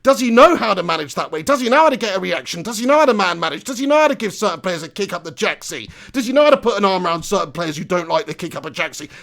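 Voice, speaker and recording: A young man rants through a live football reaction stream. His voice sits high and has a gravelly edge. He swears freely and piles up rhetorical questions. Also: expressive, quick pace, hardly any pauses, a bit bright. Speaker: football fan channel host. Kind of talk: live match reaction rant.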